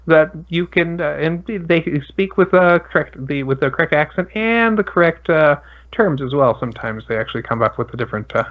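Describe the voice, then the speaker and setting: A man's voice: a little high, lively intonation, brisk. Chatty man on a dull lo-fi stream. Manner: chatty, rambling with many fillers. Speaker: podcast co-host. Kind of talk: casual tech chat.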